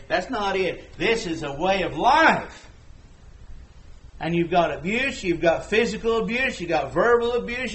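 A man's voice: sits high, a bit bright, low-quality recording. Preaching man. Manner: conversational preaching, rising to emphatic exhortation. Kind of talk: sermon.

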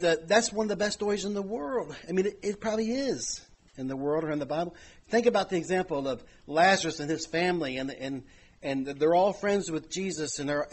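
A man delivers a sermon in an easygoing, conversational way. His voice is husky and sits a little high for a man. He talks to his congregation directly, pushing phrases louder and then letting them fall quiet. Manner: conversational preaching with many "you know" asides, swelling and dropping in volume. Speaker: preacher.

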